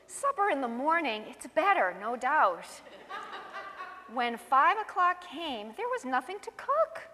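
A woman reading her own rhyming children's poem aloud in a sing-song, expressive way. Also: high-pitched, long reverb tail.

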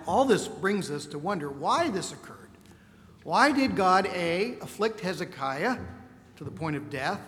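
Male preacher, high voice, emphatic delivery, long hall reverb. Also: fairly bright tone. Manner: emphatic, slows on key words, reads scripture aloud. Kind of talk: sermon.

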